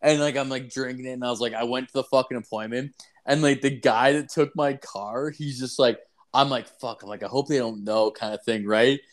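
A man's voice: medium pitch, fairly even intonation, fairly quick. A young man, co-hosting a podcast and telling a rambling, profane story full of "like". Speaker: podcast co-host. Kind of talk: casual podcast chat.

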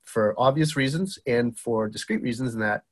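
A man in his thirties speaks with a Boston accent as he tells his stories. He is lively and conversational, throws in plenty of asides, and acts out the people he quotes. His voice sits in an ordinary middle pitch. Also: moderate pace. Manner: lively storyteller who acts out quotes with filler-heavy asides. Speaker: guest. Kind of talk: casual storytelling chat.

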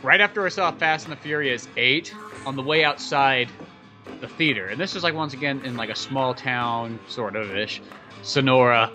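A man's voice: normal speed, faint music behind. A young man co-hosting a podcast, telling a story in casual chat and acting out the people in it with raised voices. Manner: animated, acts out people in his stories with high voices. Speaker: podcast co-host.

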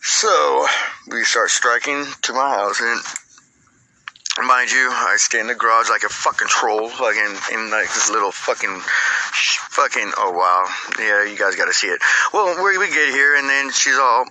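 A man telling a rambling, profane comic story, animated and laughing at his own jokes. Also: medium pitch, normal speed, a little hiss or hum, low-quality recording. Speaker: comedic storyteller.

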